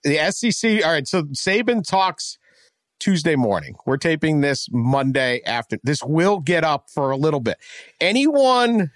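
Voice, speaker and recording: A man's voice: on the high side, a little slow, no room sound, clean studio sound. A man from West Virginia co-hosting a casual sports talk show, rambling and often correcting himself as he talks. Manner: rambling, self-correcting, animated. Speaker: podcast co-host.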